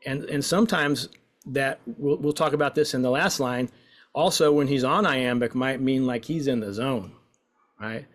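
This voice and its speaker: Speaking at a normal speed in a mid-range voice, this man runs a poetry and voice exercise. He cheers participants on playfully and stretches out the lines he recites.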